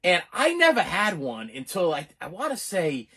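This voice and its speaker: A middle-aged channel host with a high, slightly rough voice tells a personal story to camera at a normal speed. It's casual and animated, a rambling account riddled with restarts.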